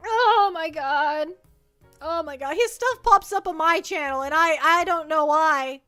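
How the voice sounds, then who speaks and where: A woman streamer chatting casually on a livestream, excitable and giggly, often stammering and restarting. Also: high-pitched, unhurried, soft background music. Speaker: VTuber streamer.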